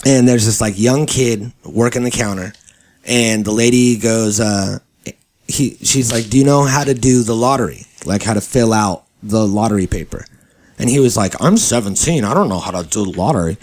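A man's voice: fairly low pitch, moderate pace, darkish tone. A young man hosting a casual chat show, telling an anecdote in a laid-back way and mimicking the people in it. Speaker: podcast host.

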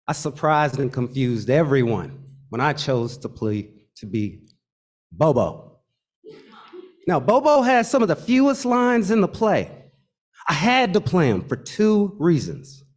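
A man recounts his own true story, his voice sitting a bit high and swinging widely up and down. He builds tension with pauses and drops in wry asides. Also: big pitch swings. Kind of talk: first-person true story narration.

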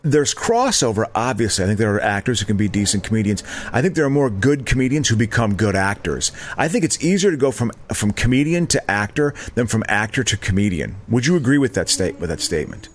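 A middle-aged man co-hosting a podcast, rambling in casual chat and jumping into high mock outrage. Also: sing-song, quick pace, hardly any pauses, a little hiss or hum. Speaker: podcast co-host.

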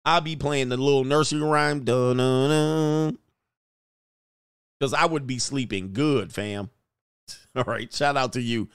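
This middle-aged livestream host has a clear, resonant voice on the high side, captured in clean studio sound with no room noise. He reads chat comments, acts out the quoted lines, and laughs often, staying loose and animated.

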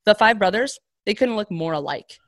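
A woman's voice: medium pitch, normal speed, no room sound, studio quality. A young adult woman telling a personal story in conversation, chatty and full of "like" fillers, acting out the voices of the people she quotes. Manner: casual, heavy on "like" fillers, animated quoted voices.

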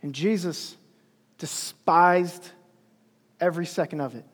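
A man's voice: a little high, takes it slowly. A male pastor preaching a sermon with emphasis, repeating key phrases, recorded in an echoey hall.

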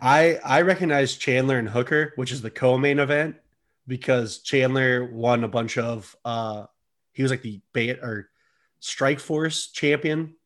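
A man's voice: mid-range voice, unhurried, fairly bright tone. A man co-hosting a casual podcast chat, joking around and laughing often. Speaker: podcast co-host.

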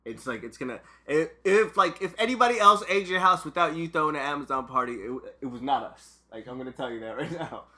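A man's voice: on the high side, lively intonation, fast, few pauses, bright, forceful tone. A young man chatting casually as a podcast co-host, rambling with many fillers and laughing often. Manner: loose, rambling, frequent "like" fillers, laughs a lot. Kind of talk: casual chat.

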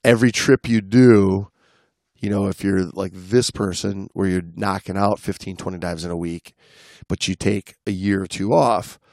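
Casting: male podcast host, low gravelly voice, dry close sound, storyteller. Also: steady tone, normal speed, a little mellow, dry recording. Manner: reads then riffs and explains at length. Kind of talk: reading a dive story with chat.

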